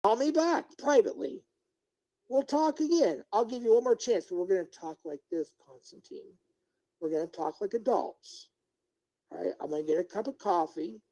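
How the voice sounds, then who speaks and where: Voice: mid-range voice, expressive, moderate pace, warm tone, rough recording. A livestreamer delivering a confrontational rant at one person, scolding, lecturing and repeating questions as they press for answers.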